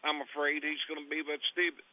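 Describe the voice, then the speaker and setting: A man's voice: fairly high pitch, monotone, fast. An older man calling in by phone, rambling through a coarse, heated grievance. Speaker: caller. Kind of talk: phone-in storytelling. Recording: tinny phone line.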